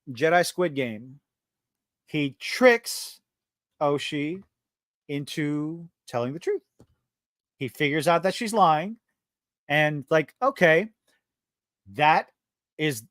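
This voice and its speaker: A man hosts a live-stream podcast in a fed-up, profane rant. His voice sits a little high, and the sound is dry and close with no room echo. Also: fairly bright tone. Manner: profane, exasperated ranting. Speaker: podcast host.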